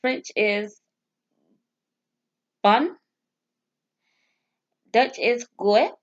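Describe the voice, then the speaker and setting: Slow, halting woman on dull lo-fi audio. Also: fairly high pitch. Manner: slow, halting, sounding out foreign words with restarts; nervous, self-deprecating asides. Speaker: vlogger. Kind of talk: casual language practice vlog. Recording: dull lo-fi sound.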